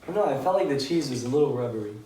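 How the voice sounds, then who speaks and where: A man's voice: mid-range voice, expressive, racing, warm tone, a little hiss or hum. A young man in playful, teasing casual chat at a home kitchen table. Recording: roomy and distant.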